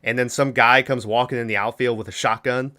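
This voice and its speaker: Bright, smooth-voiced man recapping a movie. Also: medium pitch, steady tone, a little fast. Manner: rambling, recaps with acted quotes and laughs. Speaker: podcast host.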